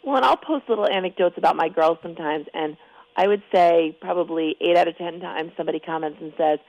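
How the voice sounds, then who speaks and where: A woman's voice: on the low side, fast, dry recording, muffled recording. A woman guest on a radio talk show, losing her voice and a little crackly, explaining things chattily in long run-on stretches. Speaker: newspaper columnist guest. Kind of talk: casual radio chat.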